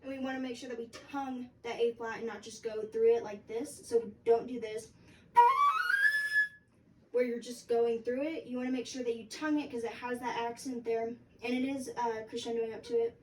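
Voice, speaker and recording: A woman's voice: on the high side, fairly even intonation, mellow, soft background music. Young woman teaching flute, mic far off. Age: young adult. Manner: casual, halting explanations with many fillers. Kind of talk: instructional music lesson. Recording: distant mic with faint background noise.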